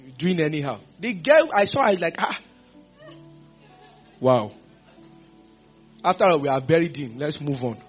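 Animated male preacher. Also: fairly high pitch, moderate pace, long pauses, husky, faint music behind. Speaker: pastor. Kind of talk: sermon.

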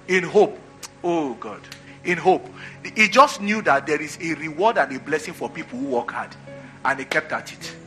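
A man preaches with a bright, forceful voice pitched a little high. He drives home his points by repeating phrases and calling for answers from the congregation. Soft music plays faintly behind him. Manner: call-and-response preaching, repeats phrases for emphasis. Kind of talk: sermon.

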